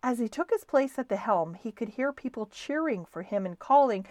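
A woman hosting a bedtime story show, reading a children's book aloud in a lively, expressive way. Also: on the high side, normal speed, few pauses, no room sound. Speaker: storyteller, podcast host.

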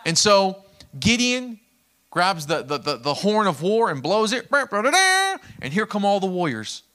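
A man preaching a sermon, retelling a story with animated delivery and acted-out voices that swing between loud outbursts and quiet asides. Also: high voice, slow pace. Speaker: pastor.

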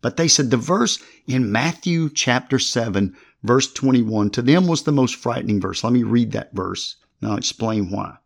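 A mid-pitched male podcast host teaching from the Bible. He works through each passage step by step and reads verses aloud with their chapter and verse. His delivery is conversational and explanatory. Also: lively intonation, moderate pace, creaky, few pauses. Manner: reads scripture aloud with references.

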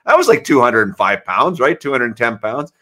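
A man's voice: medium pitch, sing-song, brisk, bright, forceful tone. A man hosting a podcast, telling a short anecdote and asking a loose, rambling question. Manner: loose, conversational questions with fillers. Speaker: podcast host. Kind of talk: casual interview chat.

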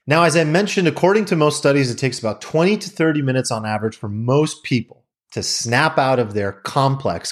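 Male podcast host, lively pitch, candid conversational delivery with casual swearing. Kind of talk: casual explanatory monologue.

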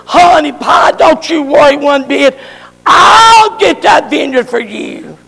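A man's voice: very high voice, expressive, takes it slowly, creaky, pushed and bright, raised voice, big-room sound, exaggerated voice. A man voicing a wicked queen who coaxes her husband in a mock-sweet tone. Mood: coaxing.

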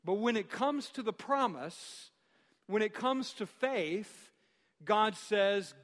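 Male pastor, high voice, emphatic sermon delivery in a reverberant church. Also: expressive, a bit bright. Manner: emphatic, repeats phrases, slows for key lines. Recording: long hall reverb.

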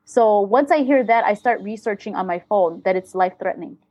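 A woman's voice: medium pitch, brisk, a little mellow, no echo, lo-fi sound. A woman in an interview, speaking in a mid-range voice with a blunt, emotional, swearing manner. She tells her story candidly and acts out bits of past conversations. The sound is dry and close, with no room around it. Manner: blunt and profane, emotional, re-enacts dialogue. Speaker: interview guest.

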